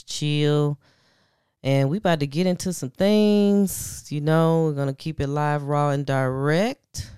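A woman's voice: sits low, darkish tone, clear, resonant tone, no room sound, studio quality. A woman hosting a podcast in a casual, laid-back chat, slangy and full of fillers. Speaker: podcast host.

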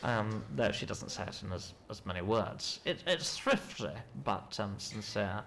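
A man, an actor in a mock interview, rambling and hesitant with a deadpan delivery. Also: on the low side, normal speed, creaky, a little hiss or hum.

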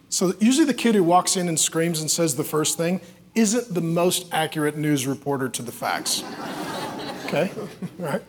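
Husky, high-voiced joking preacher man. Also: expressive, unhurried. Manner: joking, self-deprecating storyteller. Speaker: pastor. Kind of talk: conversational preaching with anecdotes.

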